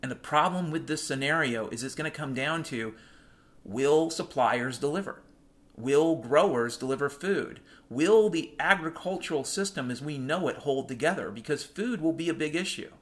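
A man's voice: a little high, lively intonation, a bit bright. Blunt, profane man. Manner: blunt, profane, emphatic, slows down to stress points. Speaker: financial commentator. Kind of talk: monologue addressed to viewers.

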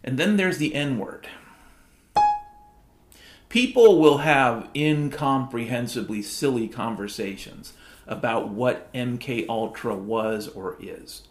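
A man's voice: mid-range voice, takes it slowly. A middle-aged man from Washington state delivering a profane, sardonic, rambling comedic monologue. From Washington state, USA. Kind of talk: comedic spoken-word monologue. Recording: roomy echo with music underneath.

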